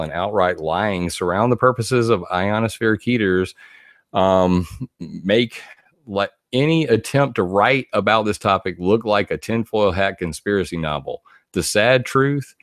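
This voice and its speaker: Animated man with a low, lively voice. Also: dry recording, clean studio sound. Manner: animated, laughs often, reads quotes aloud in shifting voices. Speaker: video blogger. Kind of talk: casual commentary.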